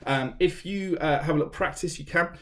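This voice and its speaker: His voice is on the high side, a bit bright, and fairly quick. An English man is teaching a singing lesson online from a room at home during lockdown, chatty and self-deprecating, with a camera set up to film him and piano in the background.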